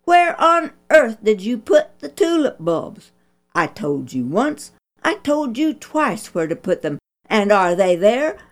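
Woman reading as a strict country mom, emphatic, lively pitch. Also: slow pace, faint music behind, heavily acted. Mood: scolding. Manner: emphatic, scolding. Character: stern country mother, scolding then warm.

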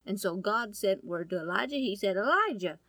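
A woman telling a Bible story in a folksy, animated way, often asking her listeners questions. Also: mid-range voice, fairly quick, no echo. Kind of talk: storytelling to an audience.

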